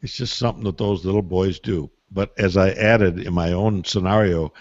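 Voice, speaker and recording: A man's voice: deep voice, fairly even intonation, normal speed, dry recording. An older man, a parenting expert, giving advice on a call-in Q&A with folksy stories and emphatic asides. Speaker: parenting expert answering listener questions. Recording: dull, muffled call audio.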